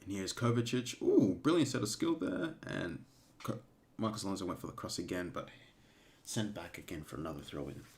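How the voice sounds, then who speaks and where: A man giving casual live commentary during a watch-along stream, excitable and emotional, breaking into shouts at big moments. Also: low-pitched, a little fast, creaky. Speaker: fan streamer commentating a match.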